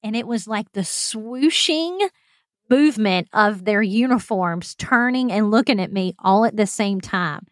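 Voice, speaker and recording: A woman's voice: mid-range voice, normal speed, few pauses, no room sound, clean studio sound. A woman, hosting a podcast and telling a self-deprecating personal story straight to her listeners. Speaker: podcast host.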